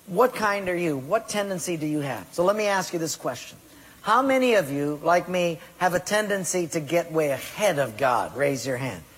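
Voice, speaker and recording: A man preaching a sermon, putting direct questions to his congregation. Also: high voice. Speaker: pastor. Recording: echoey hall with long reverb.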